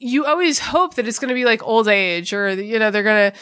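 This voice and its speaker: Bright-voiced woman venting bluntly. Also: a little high, animated, a little fast, clean tone, no room sound. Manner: emotional, blunt and profane. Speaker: podcast co-host. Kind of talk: candid conversational storytelling.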